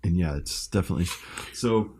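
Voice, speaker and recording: Husky low-voiced man in casual chat. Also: fairly quick, warm tone. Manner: reads search results aloud, hesitant. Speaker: podcast co-host.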